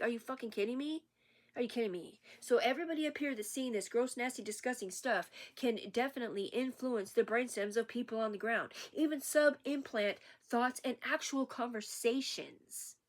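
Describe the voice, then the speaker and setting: A woman ranting in an unscripted vlog, rambling, profane and agitated. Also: a little high. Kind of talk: unscripted rant to camera.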